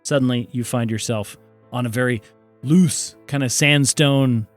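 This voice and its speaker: A man's voice: medium pitch, fairly even intonation, soft background music. A man acting as game master, narrating the scene and calling for dice rolls. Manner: brisk, playful narration.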